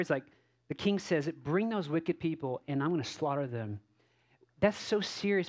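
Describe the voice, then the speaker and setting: A man preaching as a pastor in a relaxed, conversational sermon, telling stories with asides and frequent restarts. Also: a little high. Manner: casual, self-correcting, storytelling with asides. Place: church service.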